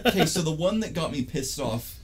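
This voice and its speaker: A man's voice: on the high side, lively intonation, fairly quick. Rambling, swearing young man telling a story. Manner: rambling, profane, many restarts. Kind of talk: casual chat, telling a story.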